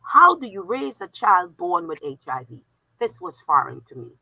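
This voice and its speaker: A woman reading a passage aloud in an expressive way. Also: lowish voice, moderate pace, creaky, breathy edge, dry recording, rough recording. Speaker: guest.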